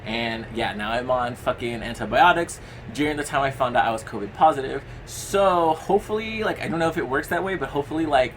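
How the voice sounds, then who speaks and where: A man's voice: mid-range voice, brisk, hardly any pauses, a little hiss or hum, low-quality recording. A young man talking in a casual commentary vlog, rambling with lots of fillers, blunt and given to swearing. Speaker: commentary vlogger.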